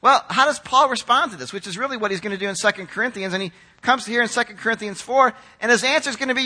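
A middle-aged male pastor giving a sermon, animated and conversational, acting out quoted critics in a chatty voice. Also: very high voice, quick pace, hardly any pauses. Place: church sanctuary.

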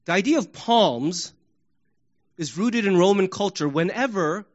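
A man preaching a sermon, animated, acting out crowd shouts and sports examples. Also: high-pitched, measured pace, dull audio. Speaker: pastor.

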